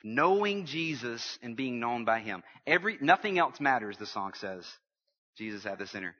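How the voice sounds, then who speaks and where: Male pastor, animated and joking with the congregation, dull lo-fi audio. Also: mid-range voice, normal speed, in a large hall. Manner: lively preaching with humor and audience call-outs. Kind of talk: sermon.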